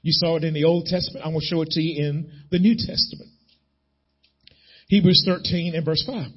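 A man preaching a sermon as pastor of a church, swelling into shouts as he acts out prayers to God. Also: fairly high pitch, steady tone, brisk, breathy edge, lo-fi sound.

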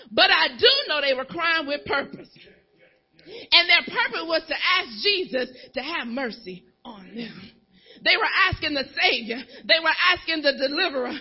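A woman preaching a sermon with impassioned swings from shouting to hushed pleas and a repetitive, rhythmic cadence. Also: high-pitched. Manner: repetitive call-and-response cadence. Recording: dull lo-fi recording.

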